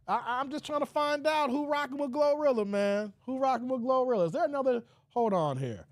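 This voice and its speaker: A man hosting a casual livestream, reading chat comments in an animated way, with stuttered repeats and frequent laughter. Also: high-pitched, normal speed, no room sound, studio quality. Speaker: livestream host.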